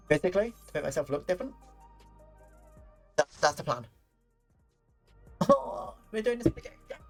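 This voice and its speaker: A young man casually commenting while playing a game on stream, rambling and excitable, with lots of fillers and restarts. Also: on the high side.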